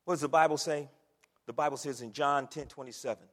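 A male pastor preaching a sermon with passion, swinging from quiet asides to loud cries. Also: a little high, fairly even intonation, quick pace. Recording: long reverb of a large hall.

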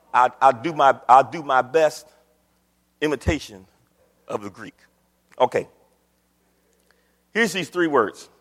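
A man preaching a sermon in a church with a folksy manner, his pitch leaping up on questions. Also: fairly bright tone, big-room sound. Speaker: pastor. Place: church sanctuary. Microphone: microphone on a stand.

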